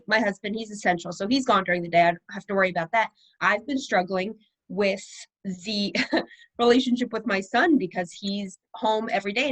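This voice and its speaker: A woman's voice: mid-range voice, a bit bright, poor audio. Woman on a video call, mid-range voice, frank and self-deprecating. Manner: candid, self-deprecating, laughs. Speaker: participant, mother. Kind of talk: casual group video chat.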